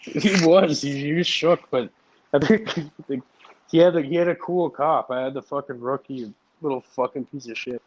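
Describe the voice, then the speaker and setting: A man's voice: fairly high pitch, moderate pace, rough recording. A man in a casual chat, telling stories loosely with constant swearing and filler words. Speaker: chat partner.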